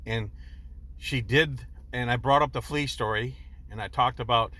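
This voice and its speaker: A man's voice: mid-range voice, steady tone, normal speed, bright, forceful tone. A man in his sixties telling a personal story in a rambling, earnest way and drawing a moral from it. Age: 60s. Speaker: vlogger.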